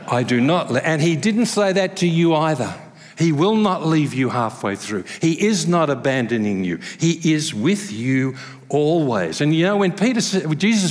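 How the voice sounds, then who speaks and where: A man's voice: on the high side, normal speed. Man preaching in a reverberant church. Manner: conversational, self-deprecating, animated storytelling. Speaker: pastor. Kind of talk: sermon. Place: church service. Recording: long hall reverb.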